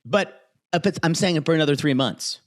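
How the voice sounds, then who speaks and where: A man in his forties co-hosting a podcast in casual chat, joking with a sarcastic edge. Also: moderate pace. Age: 40s. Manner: sarcastic, joking, swings pitch a lot. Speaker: podcast co-host.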